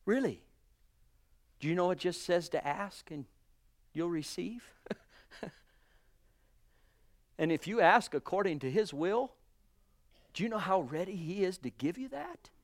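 A man preaching with fervor in a high voice, calling his listeners brothers and sisters. He swings from quiet, hushed lines to loud, rising exclamations. The sound is close and dry, with no room echo. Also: animated, a little slow, pauses often. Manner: addresses congregation as brothers and sisters. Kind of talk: sermon. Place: church.

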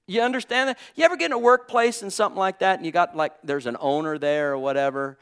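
A man's voice: high-pitched, quick pace, a bit bright, smooth. A man preaching a sermon in an impassioned, conversational way, dropping in exclamations of praise.

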